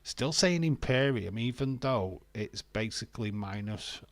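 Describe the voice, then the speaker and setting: A British man from the UK hosts a live wrestling watch-along stream, chatting casually and joking with viewers. His lowish voice has lively intonation and a measured pace on a dry recording, and he laughs often, singing and joking to himself.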